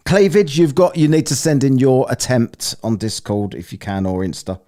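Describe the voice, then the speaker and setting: A man's voice: medium pitch, normal speed, dark tone. A man hosting a casual live-stream, rambling, swearing and laughing as he plays listener clips. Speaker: streamer hosting a soundbite contest.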